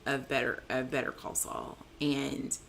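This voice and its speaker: A woman hosting a casual TV recap, excitable and chatty, calling out to her co-host and viewers with lots of "like", "man" and "dude". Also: very deep voice, measured pace, gravelly, a little hiss or hum. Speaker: TV show reviewer, channel host.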